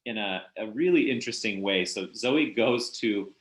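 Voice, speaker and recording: Low-voiced hesitant man in an echoey room. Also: animated, normal speed. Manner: hesitant, thoughtful, many fillers and restarts. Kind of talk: casual literary discussion.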